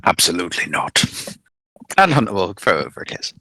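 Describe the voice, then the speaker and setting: Guy playing a tabletop game, low voice, dry and measured, close dry mic. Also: very animated, bright, forceful tone, no echo, low-quality recording. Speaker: player. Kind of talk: in-character tabletop role-play.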